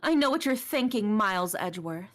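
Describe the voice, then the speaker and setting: A woman voicing an investigator who lays out a murder case, confident and deliberate, in read-aloud game dialogue. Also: mid-range voice, lively intonation, slight background noise, lightly acted. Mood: assertive.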